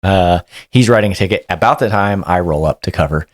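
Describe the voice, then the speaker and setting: A man, a police sergeant, telling a story in a casual and animated way as a podcast guest, acting out what people said. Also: sits low, a little fast, no room sound, clean studio sound. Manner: animated, acts out quotes.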